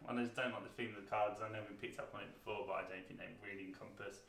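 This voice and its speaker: A British man in his thirties co-hosting a board game review, talking casually with frequent pauses and fillers. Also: fairly low pitch, level tone, fairly bright tone. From Britain. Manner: chatty, hesitant, lots of ums. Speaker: board game channel co-host. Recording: roomy sound, mic at a distance.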